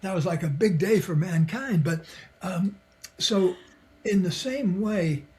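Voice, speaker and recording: Taking his time, an older psychologist and author recounts stories from his life and work as a podcast guest in an easy, conversational way. His slightly mellow voice is a little high for a man; he chuckles frequently and slips into the voices of those he quotes.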